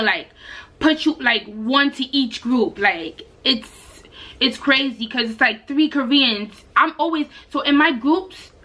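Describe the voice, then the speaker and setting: A young woman, telling a story casually to her camera as a vlogger, animated and slangy, acting out the voices of other people. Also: a little high. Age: young adult. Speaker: vlogger, exchange student.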